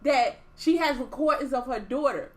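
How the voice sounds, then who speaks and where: A woman's voice: high-pitched, moderate pace, a crowd in the background. A young adult woman co-hosting a podcast in casual chat, reasoning through hypotheticals conversationally. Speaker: podcast co-host.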